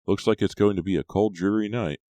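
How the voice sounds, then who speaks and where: A man voicing a cheerful but stern camp advisor in an audiobook, loud and bossy. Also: on the low side, fairly even intonation, fairly quick, no room sound, pitched above the performer's own voice, close to an everyday voice.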